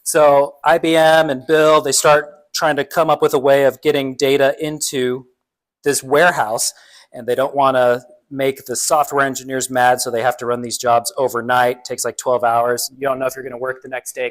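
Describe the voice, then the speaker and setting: A man's voice: mid-range voice, poor audio. A man giving a casual, jokey conference presentation who talks conversationally and acts out what other people say. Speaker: conference speaker.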